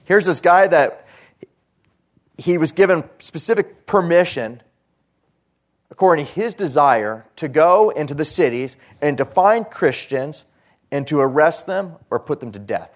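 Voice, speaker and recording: A man preaching a sermon, reading scripture aloud and explaining it earnestly, rising for emphasis and dropping low at phrase ends. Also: lively intonation, moderate pace. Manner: rises in pitch and volume for emphasis, drops low at phrase ends.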